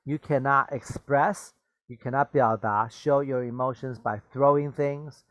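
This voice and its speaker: Slow, patient bilingual English teacher, a man. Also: medium pitch, steady tone, no echo. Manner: repeats and explains words, switches into Mandarin glosses, frequent "okay?" and "right?". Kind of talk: bilingual vocabulary lesson.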